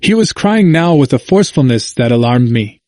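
A man's voice: medium pitch, lively intonation, a little mellow, no echo, studio quality. Man reading a first-person memoir. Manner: measured, reflective reading. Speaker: audiobook narrator.

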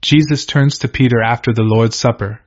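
A man delivers a sermon, working through scripture in a steady, earnest teaching voice and putting questions to his listeners. His pitch sits in the middle range. The recording sounds dull and lo-fi. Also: fairly quick. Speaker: preacher.

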